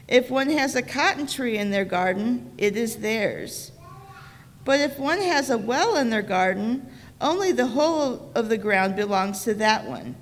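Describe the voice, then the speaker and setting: Woman reading a fatherly God, solemn, measured, slow, echoing church hall. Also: a little high. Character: patient fatherly male God of a folk tale. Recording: reverberant church sanctuary.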